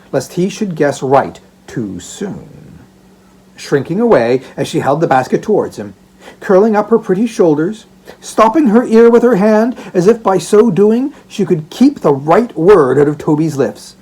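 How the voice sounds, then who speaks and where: A man's voice: on the high side, sing-song, a little slow, a little mellow, husky. A man narrating a classic story aloud for an audiobook, in a theatrical storytelling manner. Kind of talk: expressive narration of a classic novella.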